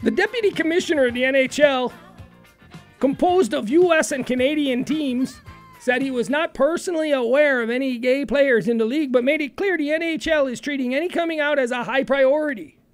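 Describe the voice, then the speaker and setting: A woman's voice: sits high, soft background music. Opinionated woman radio host. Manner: opinionated, quick, riffing. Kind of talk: casual talk radio commentary. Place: radio studio.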